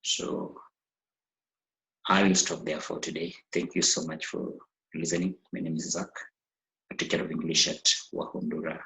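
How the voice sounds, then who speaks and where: A male English teacher runs through exam topics one short phrase at a time. His voice sits low, with a gravelly fry. He keeps an even, flat delivery throughout the revision lesson. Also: normal speed, long pauses, poor audio. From Kenya.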